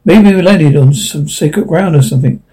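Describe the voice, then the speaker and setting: A man's voice: a little high, normal speed, warm tone, breathy edge. A man voicing a plump, pompous male expedition commander who talks brusquely.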